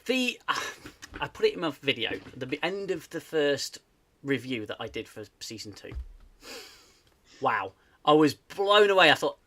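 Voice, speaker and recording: A man from the UK hosts a casual live stream chat, his voice bright and a little higher than most. He rants with animated energy, tripping over restarts as he goes. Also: normal speed. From United Kingdom. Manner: animated, ranting, many restarts. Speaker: host.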